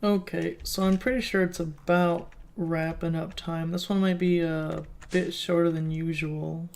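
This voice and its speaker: Flat, gravelly-voiced man narrating gameplay. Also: a little high, measured pace. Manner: rambling, thinking aloud as he plays. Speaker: let's play host. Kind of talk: casual gameplay commentary.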